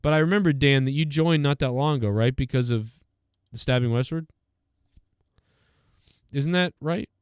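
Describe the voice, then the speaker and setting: A man hosting a live stream, chatting loosely and reacting out loud with rambling, profane commentary. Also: mid-range voice, normal speed, pauses often, clear, resonant tone, dry recording, studio quality.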